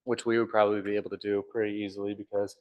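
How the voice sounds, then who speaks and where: A man's voice: fairly low pitch, level tone, rapid-fire, a little mellow, lo-fi sound. A young man co-hosting a podcast, earnestly explaining his views with examples in casual talk. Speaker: podcast co-host. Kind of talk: casual conversation.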